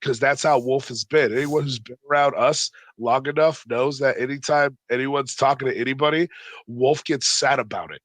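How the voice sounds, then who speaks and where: A man's voice: mid-range voice, normal speed, fairly bright tone, dry recording, low-quality recording. A young man casually telling a heated, profane story in rambling slang, full of "like".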